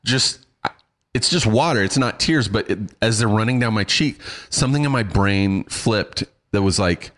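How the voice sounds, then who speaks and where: A middle-aged man telling a story in casual chat, animated and swearing, acting out what people said. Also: lowish voice, measured pace. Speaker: guest.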